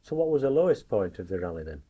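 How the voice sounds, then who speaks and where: A woman interviewer asking brisk, prompting questions. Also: very deep voice, big pitch swings, slightly rough. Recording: dull, muffled recording.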